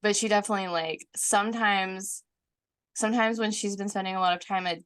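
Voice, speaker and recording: A woman's voice: mid-range voice, fairly even intonation, brisk, fairly bright tone. Chatty woman guest, lots of fillers. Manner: chatty, many "like" fillers, laughs often. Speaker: author guest. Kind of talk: casual conversation.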